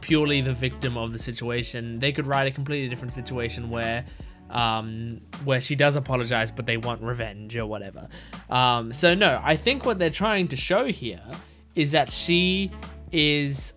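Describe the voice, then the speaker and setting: A man's voice: mid-range voice, pushed and bright. A young man hosting an anime reaction video, thinking aloud in casual commentary with frequent fillers and restarts.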